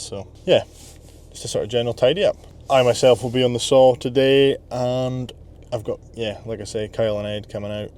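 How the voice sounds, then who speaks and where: A man's voice: on the low side, darkish tone. A man in his twenties, a landscape business owner, chatting casually as he talks through his workday outdoors. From Scotland. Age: 20s. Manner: chatty, self-talking, plans the workday aloud. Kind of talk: casual work vlog. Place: outdoors at work sites and yard.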